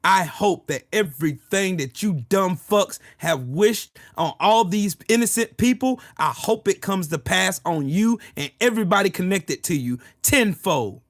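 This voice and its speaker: A man's voice: high voice, lively intonation, unhurried, few pauses, fairly bright tone, no room sound, studio quality. A man hosting a livestream, delivering a heated, profane political rant and answering chat comments. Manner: profane, heated, repetitive ranting. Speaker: livestream host.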